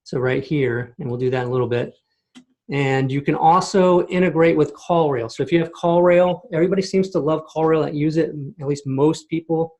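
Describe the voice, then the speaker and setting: A man giving a casual screen-share walkthrough of software on a video call, explaining step by step and checking in with "okay?" and "right?". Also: on the high side, steady tone, a little fast. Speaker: software demo host. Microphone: computer mic on a video call.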